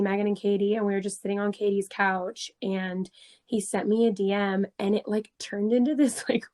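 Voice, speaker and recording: A young woman in her twenties telling a story on a casual podcast, animated, laughing often and swearing freely. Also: mid-range voice. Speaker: podcast co-host.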